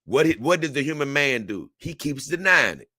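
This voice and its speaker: A young man talks through a livestream in a lively voice that rises and falls a lot. His tone is bright and forward, and the sound is dry and close to the mic. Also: on the high side, normal speed, dry recording. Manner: animated, conversational, reads a text aloud and reacts to it. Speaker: livestream host. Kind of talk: casual livestream commentary.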